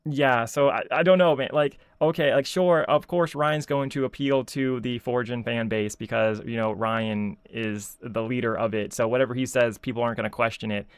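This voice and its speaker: A man's voice: medium pitch, steady tone, moderate pace, few pauses, clean tone, no room sound. A man ranting casually as a video commentator, sarcastic and exasperated, full of filler words. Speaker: YouTube commentator.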